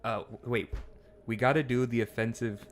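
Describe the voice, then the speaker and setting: A man co-hosting a casual livestream, excitable and self-mocking, laughing a lot. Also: medium pitch, moderate pace. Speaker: co-host.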